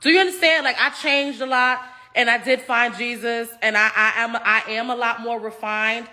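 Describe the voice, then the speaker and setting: Animated, laughing woman in her thirties. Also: fairly high pitch, moderate pace, soft background music. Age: 30s. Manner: animated, swears freely, laughs often. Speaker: reality TV cast member. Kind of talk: casual interview chat.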